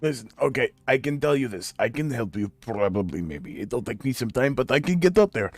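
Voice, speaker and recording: A man's voice: medium pitch, very animated, fairly quick, no room sound, faint music behind. A man joking around in character as a player at a tabletop game. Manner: playful, jokey.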